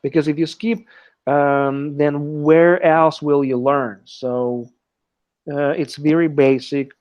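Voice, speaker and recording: A man's voice: fairly high pitch, fairly even intonation, slow, darkish tone, clean tone. A man teaching an English class live online, explaining step by step and checking in often with "okay", heard through a computer mic on a video call. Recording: dull lo-fi online call audio.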